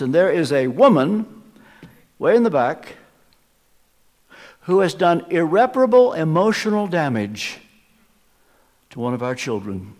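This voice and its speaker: A male preacher with a fairly high, very lively voice, pressing points hard and then dropping to hushed asides. His sermon rings out with a long reverb that fills a large church hall. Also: normal speed, pauses often. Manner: emphatic, swings from loud stresses to hushed asides.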